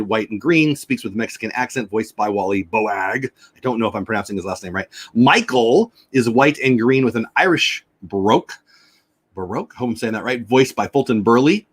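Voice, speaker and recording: A man's voice: medium pitch, slightly rough. A man hosting a casual livestream, chatting with viewers and reading aloud with stumbles and rambling asides. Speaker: livestream host.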